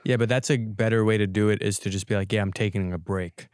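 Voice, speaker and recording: Young man, podcast host, smooth resonant voice, lowish, dry close sound, animated storyteller. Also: fast talker, dry recording. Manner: animated storyteller, acts out quotes. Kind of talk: casual chat. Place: podcast studio.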